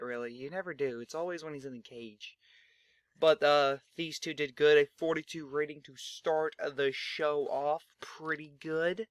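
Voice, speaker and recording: A man's voice: a little high, no echo, clean studio sound. Chatty young man rambling over a game. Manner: rambling, chatty, swears freely. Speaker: gaming channel host. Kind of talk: casual let's-play commentary.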